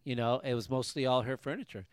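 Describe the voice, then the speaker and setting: A man's voice: mid-range voice, fast talker, clear, resonant tone, no echo, studio quality. A man co-hosting a casual podcast from a garage, talking in long rambling stretches full of restarts. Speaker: podcast co-host. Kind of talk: casual banter.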